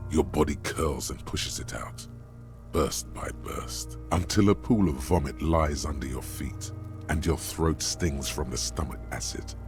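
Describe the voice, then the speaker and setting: Game narrator: a rumbling bass voice, grave and unhurried. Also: male voice, faint music behind. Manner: slow, grave, vivid descriptions. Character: ominous male narrator inside the hero's head.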